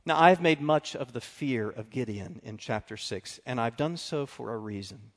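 A man preaching a sermon, telling stories with animated swings between loud and quiet. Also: mid-range voice, normal speed. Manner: animated storytelling, drops to quiet confessional tones. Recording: long reverb of a large hall.

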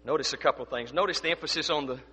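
A man preaching a sermon as pastor, swinging between loud declarations and hushed asides. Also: a little high, racing, husky, long reverb tail.

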